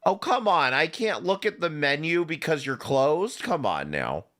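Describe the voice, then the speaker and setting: Animated, bright-voiced streamer man. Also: a little high, a little slow. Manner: sarcastic, profane, lively. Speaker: streamer reacting to clips. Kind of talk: casual reaction commentary.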